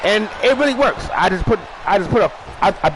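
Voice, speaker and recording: A man hosting a wrestling show, shouting a rambling profane comic monologue, stuttering at times and eating while he talks. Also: high voice, lively intonation, fast talker, background noise. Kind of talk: loud profane comedic monologue.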